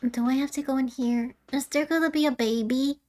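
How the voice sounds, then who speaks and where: A woman's voice: high-pitched, steady tone, brisk, warm tone. A woman streaming a video game, chatting in a giggly way and thinking aloud as she plays. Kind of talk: casual let's-play commentary.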